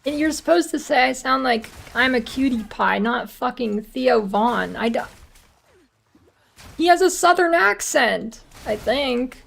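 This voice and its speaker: A woman game streamer with a strongly gravelly, creaky voice that sits a little high. She chats loosely with her viewers and teases them in a joking way. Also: measured pace, few pauses. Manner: joking, teasing chat banter. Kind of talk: casual stream chat.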